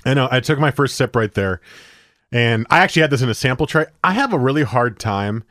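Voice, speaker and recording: A man's voice: medium pitch, animated, brisk, a bit bright, no room sound, studio quality. A man co-hosting a casual beer tasting chat, talking at length through tasting notes. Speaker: co-host presenting a beer of the week.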